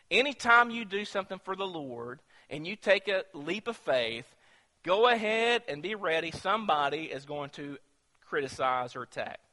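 A man preaching a sermon, retelling a story in an animated way that swings from hushed to emphatic. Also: high-pitched, in a large hall.

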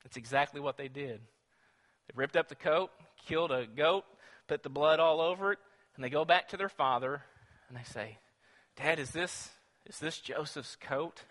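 A man preaching a sermon in a church, telling a story in an animated way, acting out voices and putting questions to the congregation. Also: fairly high pitch, moderate pace. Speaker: pastor. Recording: long reverb in a church hall.

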